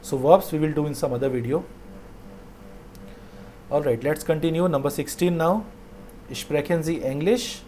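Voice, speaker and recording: A man teaching a language lesson, saying each phrase slowly twice and then explaining it. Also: fairly high pitch, mellow, slight background noise.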